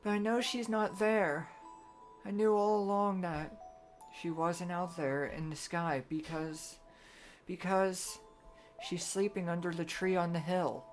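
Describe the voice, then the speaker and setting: A lonely young girl, soft and wistful, her low, gentle voice lifted a little higher as a woman reads her lines. Faint game music plays behind her in a storybook reading. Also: fairly even intonation, unhurried, lightly acted. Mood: tearful. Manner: soft and wistful, rising to tearful cries.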